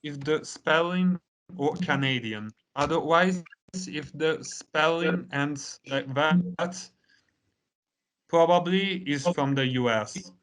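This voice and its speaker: A man whose first language is Italian, teaching an English lesson in a relaxed conversational way with lots of fillers. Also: a little high. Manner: unhurried, many "you know" fillers.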